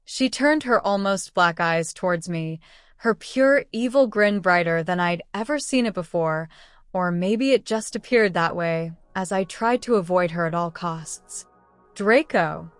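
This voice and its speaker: A woman narrating a romance audiobook in the first person, reading in a measured, emotive way. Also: medium pitch, smooth, no room sound, clean studio sound.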